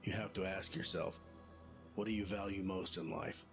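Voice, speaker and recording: Guy doing a calm game narrator, super deep, slow, music under it. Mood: ominous.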